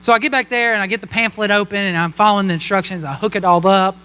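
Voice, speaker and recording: A young man in his twenties, a pastor telling a joking personal story in a sermon, animated and playful. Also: high-pitched, quick pace, a little hiss or hum. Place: church hall. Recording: long hall reverb.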